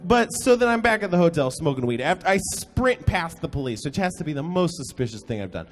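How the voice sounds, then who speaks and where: A drunk young man telling rambling, excitable anecdotes to a live podcast audience. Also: on the high side, fast, faint music behind. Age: young adult. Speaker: show regular. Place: live stage before an audience.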